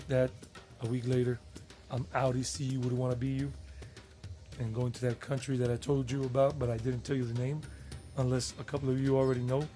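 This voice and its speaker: A man's voice: medium pitch, warm tone. A middle-aged man with a Southern US accent, chatting casually about his travels in a rambling, digressive way with frequent self-corrections. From United States. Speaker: travel vlogger.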